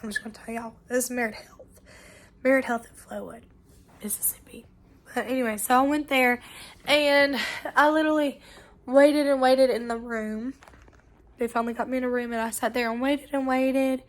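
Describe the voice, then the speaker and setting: Young woman, hoarse and short of breath, chatty vlog storyteller with a slightly high voice. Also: fairly even intonation. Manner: chatty, storytelling, quick asides. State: hoarse and winded from bronchitis. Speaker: vlogger. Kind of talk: casual chat to camera.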